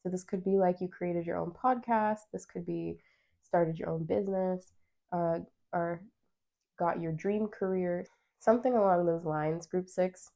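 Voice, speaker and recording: Gravel-edged woman giving a chatty tarot reading. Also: fairly low pitch, steady tone, measured pace, mellow. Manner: chatty and encouraging, reads card meanings aloud; addresses viewers directly. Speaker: tarot reader. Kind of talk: pick-a-card tarot reading to camera.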